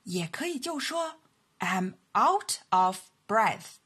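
A woman teaches an English lesson with a Mandarin Chinese accent. Her voice is slightly husky and moves lively up and down. She speaks slowly, repeating each model sentence clearly for learners. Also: medium pitch. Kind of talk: language lesson narration.

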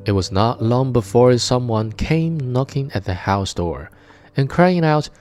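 A man narrating a fairy tale aloud in a measured, expressive storytelling manner. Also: medium pitch, soft background music.

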